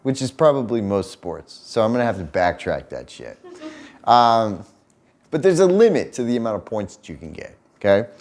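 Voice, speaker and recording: A man's voice: fairly low pitch, moderate pace. A young man casually telling a story to camera, laughing often, swearing freely and acting out what people said. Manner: swears freely, laughs often, animated retelling with quoted voices. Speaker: vlogger telling a story about his partner.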